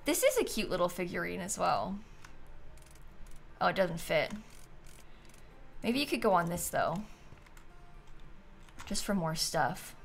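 A woman streamer talks casually as she plays, thinking out loud and chatting to her viewers. Her voice is lively, rising and falling a lot, and she sounds a little sleepy and prone to yawning. Faint game music plays underneath. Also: on the low side, unhurried, vocal fry, long pauses. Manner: chatty, musing aloud, talks to chat and objects. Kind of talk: casual livestream commentary while playing.

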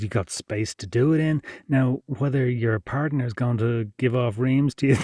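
An informal man leads a workshop in a casual, chatty way. His voice is mellow and dark, and it sits dry and close to the mic with little room sound. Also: mid-range voice, no echo. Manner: chatty, informal, laughs while explaining. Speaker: podcast production instructor.

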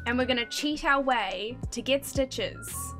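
A young woman giving casual, excitable gameplay commentary, gasping and swearing as she plays. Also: sits high, a little slow, over music. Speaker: gaming streamer.

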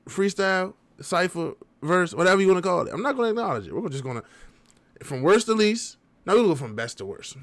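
Young male reaction vlogger, slangy and lively, slightly high voice, dry close sound. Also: fairly quick, no room sound. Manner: slangy, animated, talks straight to viewers. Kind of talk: casual reaction commentary.

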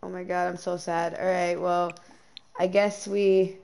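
Gravelly-voiced young woman chatting over gameplay. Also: on the low side, flat delivery, moderate pace, a little mellow. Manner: chatty, frequent ums, easily dismayed. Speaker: gameplay streamer. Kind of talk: casual gameplay commentary.

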